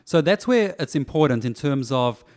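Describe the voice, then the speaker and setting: A man who is a podcast guest and dating coach, explaining his methods step by step in a casual, animated way. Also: mid-range voice, normal speed. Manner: animated, breaks points into steps.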